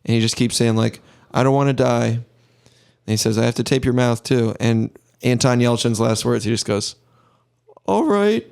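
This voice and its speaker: A man's voice: medium pitch, a little fast, vocal fry, hardly any pauses, clean tone. A man co-hosting a podcast, chatting casually and retelling a film scene by scene, acting out the characters' lines. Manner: animated storytelling, acts out the characters' lines. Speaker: podcast co-host. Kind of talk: casual chat recapping a film.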